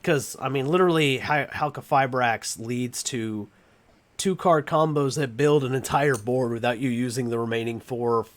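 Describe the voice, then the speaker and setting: A man with a Southern US accent hosting a casual chat, animated and rambling, quick to laugh. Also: mid-range voice. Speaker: host.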